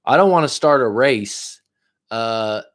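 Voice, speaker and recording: A man's voice: mid-range voice, expressive, takes it slowly, fairly bright tone. A man giving live coaching advice in a blunt, profane way, pushing the listener with repeated questions. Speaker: life coach.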